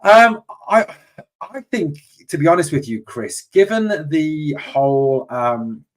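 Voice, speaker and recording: A man's voice: a little high, lively intonation, slow pace. Hesitant, opinionated man hosting a live Q&A. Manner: hesitant, many fillers and restarts, opinionated. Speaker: host of a fan channel live Q&A. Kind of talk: casual live-stream chat, answering viewer questions.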